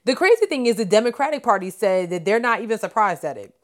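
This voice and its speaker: A woman's voice: mid-range voice, animated, fast. A woman co-hosting a podcast, reading news stories aloud in casual chat with stumbles and asides. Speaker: podcast co-host.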